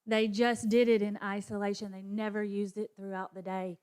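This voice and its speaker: A woman's voice: medium pitch, level tone, moderate pace, a little mellow, clear, resonant tone. A woman teacher demonstrating a phonics lesson for other teachers, sounding out letters and modeling classroom chants. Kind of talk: professional development demonstration for teachers.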